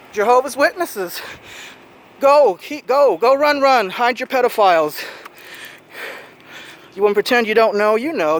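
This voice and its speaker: Winded male street vlogger: high, expressive voice, jeering confrontational tone. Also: a little hiss or hum. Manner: taunting, confrontational. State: out of breath. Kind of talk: filming himself, live commentary.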